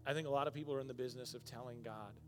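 A male pastor preaching a sermon, moving from quiet, emotional passages to loud, emphatic ones. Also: medium pitch, steady tone, very fast, faint music behind. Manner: emotional, swings from soft and hushed to loud and emphatic.

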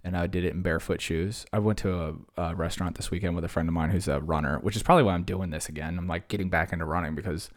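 Rambling deep-voiced podcast host in his thirties. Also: steady tone, very fast, hardly any pauses. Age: 30s. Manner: rambling, self-mocking, talks to himself. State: slightly wheezy after a workout. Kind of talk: casual solo podcast monologue.

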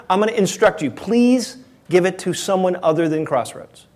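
A man's voice: high voice, animated, normal speed, a little mellow. A man preaching a sermon as pastor, earnest and emphatic, often correcting himself mid-sentence.

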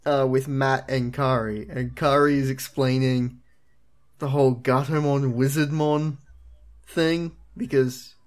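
A podcast host in casual chat, animated and joking. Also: mid-range voice, takes it slowly.

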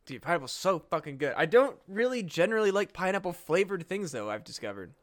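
A man's voice: high-pitched, big pitch swings, fast talker. A young adult man co-hosting a comedy podcast, bantering casually with lots of swearing and laughter. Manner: profane, laughing, riffing. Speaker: podcast co-host.

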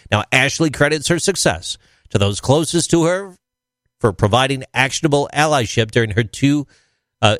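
A man's voice: mid-range voice, a bit bright, no room sound. A man hosting a casual talk show, joking and then reading a guest's introduction. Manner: jokey, reads introductions aloud. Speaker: host. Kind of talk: casual chat.

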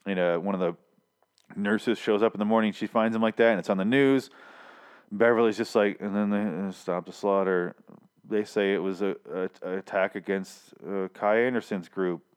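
A man's voice: lowish voice, steady tone, moderate pace, clear, resonant tone. A young man casually recapping a TV episode, swearing freely and acting out the characters' lines. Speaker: TV recap vlogger.

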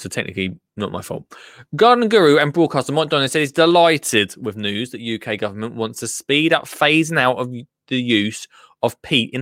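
A man's voice: medium pitch, fairly bright tone, no room sound, clean studio sound. A man hosting a podcast, reading out gardening news in a rambling, jokey way that keeps breaking off to comment. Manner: rambling, self-interrupting, jokey. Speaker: podcast host.

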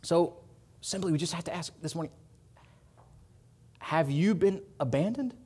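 A man's voice: fairly high pitch, unhurried, husky. Earnest man preaching with a lifted voice. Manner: earnest preaching, rising loud on appeals and dropping soft. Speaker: pastor. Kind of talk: sermon.

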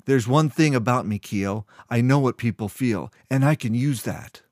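A man's voice: medium pitch, moderate pace, a little mellow, no echo, studio quality, lightly acted. A man voicing a bold, fiery young woman. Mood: forceful. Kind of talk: audiobook character voice.

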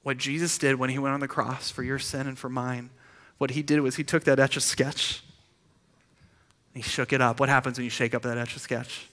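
A man preaching a sermon in a conversational way, with quick restarts and rhetorical questions. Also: medium pitch, level tone, fairly bright tone. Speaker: pastor.

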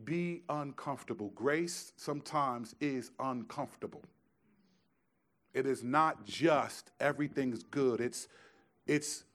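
A man preaching a sermon as pastor, emphatic, shifting from hushed lines to loud ones, with casual conversational asides. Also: mid-range voice, slow pace. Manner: emphatic, swings between quiet and loud.

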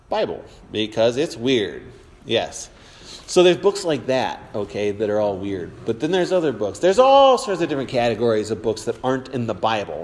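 A man leading an informal Bible class, chatty and rambling with lots of fillers. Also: lowish voice. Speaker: church teacher. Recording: reverberant hall.

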